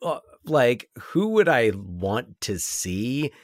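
A man's voice: mid-range voice, very animated, slow pace, dry recording, clean studio sound. A man co-hosting a podcast, talking about films in a rambling way with many fillers and restarts. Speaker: podcast co-host. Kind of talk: casual film discussion.

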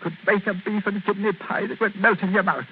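A man's voice: high voice, steady tone, fast, natural voice. A man playing a whining old miser. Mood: reminiscing. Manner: whining, aggrieved. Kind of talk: 1940s radio acting. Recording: tinny lo-fi old radio broadcast with faint hiss.

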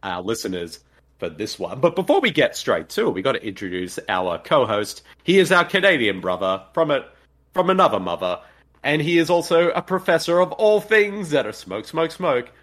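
An Australian man hosting a podcast in an upbeat, animated way, often repeating his words. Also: medium pitch, normal speed. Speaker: podcast host. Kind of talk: casual chat.

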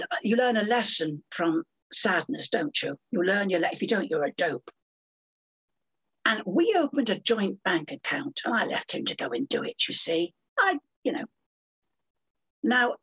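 A woman's voice: lowish voice, a bit bright, breathy edge, low-quality recording. An older woman telling stories as a guest on an interview podcast, in a dramatic, theatrical way. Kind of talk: storytelling interview.

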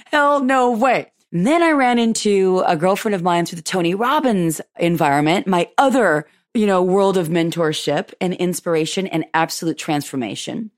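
A woman hosting a podcast, telling a personal story in a lively way and acting out what people said. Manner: animated, acts out quoted dialogue with big pitch jumps. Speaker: podcast host.

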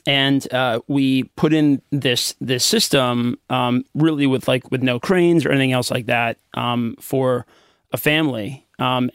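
A young American man as an interview guest, hesitant and filling pauses with ums. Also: mid-range voice, clear, resonant tone, no echo, clean studio sound. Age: young adult. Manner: hesitant, many fillers. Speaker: guest, company founder. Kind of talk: casual interview.

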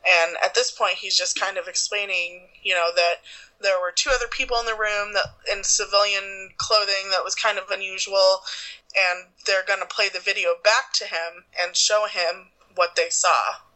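Podcast host, casual chat, bright voice, rambling fillers. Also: medium pitch, fairly even intonation, moderate pace, poor audio. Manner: rambling, filler-heavy explaining.

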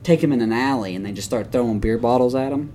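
A man's voice: medium pitch, quick pace, warm tone, slight background noise. A man co-hosting a podcast in casual chat, crude and joking, laughing often. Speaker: podcast co-host.

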